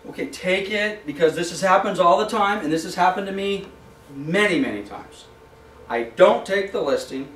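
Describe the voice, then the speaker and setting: A man's voice: high-pitched, moderate pace, slight background noise. A man teaching a live real estate training class, acting out short dialogues with clients and sellers in shifting voices. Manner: animated, acts out little dialogues with shifting voices. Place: office training room. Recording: echoey room, mic at a distance.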